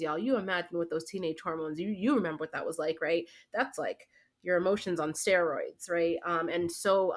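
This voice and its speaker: A young woman, a teacher and guest, talking in casual conversation and often filling with "like" and "right?". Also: fairly low pitch. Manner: animated, heavy fillers like "like" and "right?".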